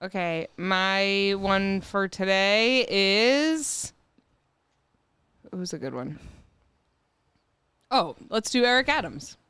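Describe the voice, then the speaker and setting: Give me a smooth-voiced woman co-hosting a casual podcast. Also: medium pitch, lively intonation, very slow, pauses often, fairly bright tone, dry recording. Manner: chatty, laughs while telling stories. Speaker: podcast co-host. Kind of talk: casual chat.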